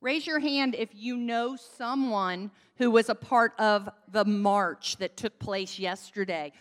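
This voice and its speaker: A woman pastor gives a children's sermon into a handheld microphone in a church sanctuary, leading the congregation in call-and-response. She speaks at medium pitch and takes it slowly, and the recording has a long church reverb.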